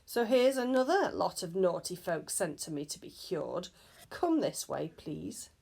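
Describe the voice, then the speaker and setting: A woman reading a storybook aloud, putting on the voice of a loud, frightening old schoolmistress. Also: on the low side, animated, a little slow, creaky, husky, exaggerated voice. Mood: stern.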